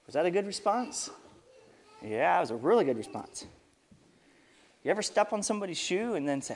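A man's voice: high-pitched, a little fast, long pauses. A man reading a story aloud to children, stopping often to ask them questions. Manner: lively, asks the kids questions.

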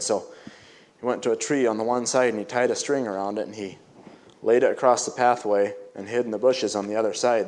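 Man reading a story aloud. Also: lowish voice. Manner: pauses to explain the story in plain words. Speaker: story reader.

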